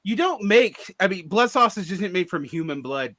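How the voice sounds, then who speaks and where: A man's voice: high-pitched, very animated, normal speed, a bit bright, no room sound. A man co-hosting a podcast in casual chat, hesitant with many fillers and wry asides. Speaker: podcast co-host.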